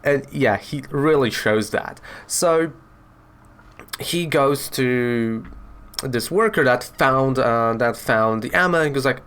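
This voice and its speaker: Guy rambling thru a comic review, chatty, middle pitch, lots of um and you know. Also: takes it slowly, a bit bright, clean tone. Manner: chatty, rambling with fillers and retellings.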